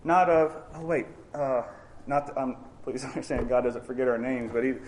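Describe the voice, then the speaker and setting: A man's voice: mid-range voice, moderate pace, darkish tone. A man preaching a sermon in a conversational, earnest way, often acting out honest prayers to God.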